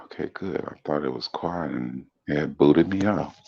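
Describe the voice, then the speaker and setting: A middle-aged man with a very deep, smooth voice chatting casually on a livestream, laid-back and chuckling as he greets commenters by name. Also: normal speed, no room sound. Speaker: livestream guest reading chat comments. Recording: dull dry lo-fi stream audio.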